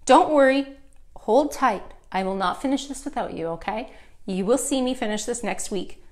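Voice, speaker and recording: Chatty Canadian woman teaching painting. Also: a little high. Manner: chatty, upbeat, addresses viewers directly. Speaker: furniture painting instructor. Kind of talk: live painting tutorial.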